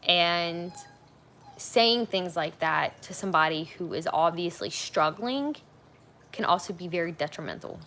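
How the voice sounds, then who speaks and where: Young woman, livestream host, low gravelly voice, chatty, candid, rambling. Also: animated, measured pace, sharp tone, a little hiss or hum. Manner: chatty, frank, rambling with fillers. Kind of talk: casual livestream chat. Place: at home on a couch.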